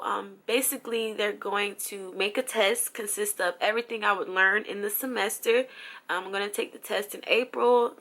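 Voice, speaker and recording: A young woman from New Jersey shares a personal update in a casual, emotional vlog. Her mid-range voice is bright and forceful, and she's chatty, packing her speech with fillers.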